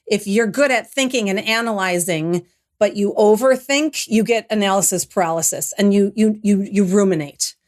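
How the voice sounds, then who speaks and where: A woman's voice: medium pitch, moderate pace. Middle-aged lady guest telling her story, thoughtful, lots of restarts. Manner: reflective, animated when retelling, frequent restarts. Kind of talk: podcast interview, personal storytelling.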